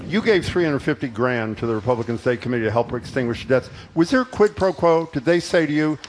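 A man hosting a live radio talk show, brisk and joking as he interviews a guest. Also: mid-range voice, lively intonation, slight background noise. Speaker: radio host.

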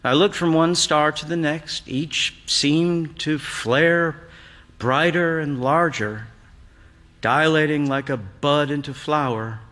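An older man reading a literary story aloud in a quiet, reflective narrating voice. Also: a little high, slow. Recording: long hall reverb.

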